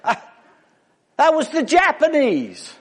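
A man's voice: very high-pitched, huge pitch swings, slow pace, big-room sound, voice pushed up, exaggerated voice. A man preacher voicing a smug man who answers in matter-of-fact, dismissive retorts. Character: smug man dealing out slaps with twisted logic.

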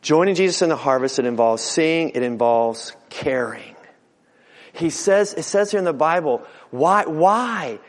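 A middle-aged male pastor preaching in a high voice, folksy and earnest, stacking up alliterative phrases and stumbling over repeated words. His sermon rings out through a large sanctuary with a long, lingering reverb. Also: lively intonation, moderate pace.

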